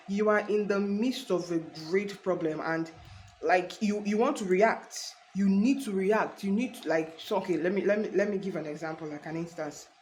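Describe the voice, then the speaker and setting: A woman's voice: on the low side, a little mellow, a little hiss or hum, poor audio. A woman giving an earnest, casual faith talk to her viewers, rambling with restarts and calling them honey. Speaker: faith vlogger.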